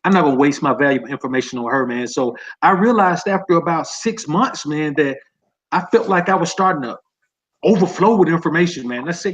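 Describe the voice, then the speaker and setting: Casting: slightly high-voiced man, relaxed guest, lo-fi muffled call audio. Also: fairly quick. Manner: laid-back, ends phrases with "man". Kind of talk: casual chat.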